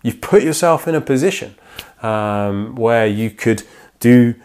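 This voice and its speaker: A man's voice: mid-range voice, expressive, measured pace, darkish tone, clean tone. Conversational male preacher. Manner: conversational, acts out little quoted exchanges. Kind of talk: sermon. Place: church.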